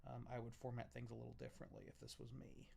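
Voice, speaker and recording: A man's voice: mid-range voice, level tone, racing, vocal fry, a little mellow, breathy edge. A young man hosting a livestream, chatting loosely and joking while tasting bourbon. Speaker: livestream host. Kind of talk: casual tasting chat.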